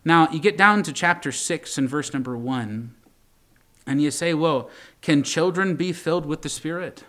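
A man's voice: fairly high pitch, moderate pace, fairly bright tone. Man preaching a sermon in a conversational way. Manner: conversational preaching with asides to the congregation. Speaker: pastor.

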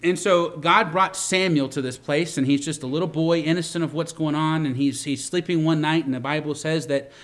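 A man preaching a sermon as pastor. He speaks earnestly, repeats words as he builds a point, and grows louder to stress it. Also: a little high, steady tone, moderate pace, hardly any pauses.

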